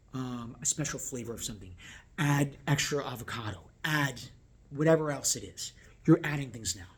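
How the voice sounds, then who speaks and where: A man training restaurant servers, talking straight to the viewer in an animated, coaching way and checking that they follow along. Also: mid-range voice, husky. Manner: acts out guest and server lines. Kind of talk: instructional talk to camera.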